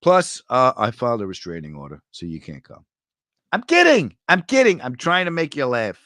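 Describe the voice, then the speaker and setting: A New York comedian riffing casually through viewer comments, his pitch swinging widely as the jokes land. He tells stories with sudden high, excited bursts. The sound is dry and close, with no room around it. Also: a little fast, no room sound. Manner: jokey, animated storyteller with sudden high bursts. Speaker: comedian hosting a live chat.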